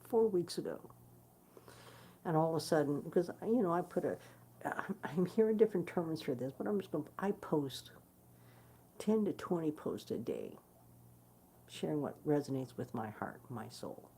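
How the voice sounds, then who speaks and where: A woman's voice: low-pitched, big pitch swings, normal speed, warm tone, a little hiss or hum. A woman musician talking casually to her followers, blunt and swearing freely, with many fillers and restarts. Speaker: guitarist hosting her own stream. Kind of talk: casual direct-to-camera chat.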